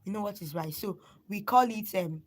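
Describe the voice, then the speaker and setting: A woman's voice: medium pitch, moderate pace, low-quality recording. A young Nigerian woman, a native Igbo speaker, teaching words on a phone live stream, repeating and spelling each word out and urging viewers to write them down. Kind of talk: casual live lesson.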